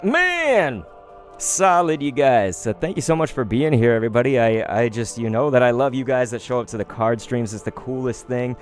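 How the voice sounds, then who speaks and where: A man in his thirties chatting casually on a card-opening live stream, rambling between stories and bursting into excited outbursts. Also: medium pitch, fairly quick, few pauses, faint music behind.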